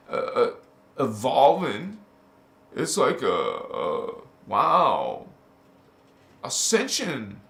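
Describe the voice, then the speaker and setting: A man's voice: fairly high pitch, pushed and bright, echoey room. A man hosting a live spiritual teaching, exhorting listeners fervently with slang mixed in, then guiding a visualization. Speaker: spiritual channel host.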